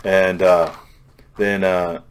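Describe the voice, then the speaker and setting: A man's voice: deep voice, flat delivery, drawn-out words, smooth. A man casually recapping comic book issues as a reviewer, rambling with restarts and offhand paraphrases of the characters. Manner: loose, rambling plot recap with frequent restarts. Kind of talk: casual chat.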